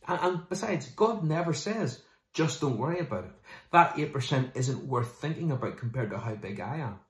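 A male pastor delivering a sermon, lively and conversational, sometimes mimicking people in quick asides. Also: a little high, reverberant.

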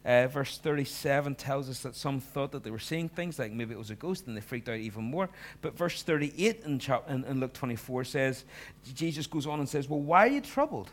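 A man preaching a sermon, acting out the disciples and moving between hushed lines and loud ones. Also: mid-range voice, brisk. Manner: animated, acts out the disciples' voices, swings from hushed to loud. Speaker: pastor.

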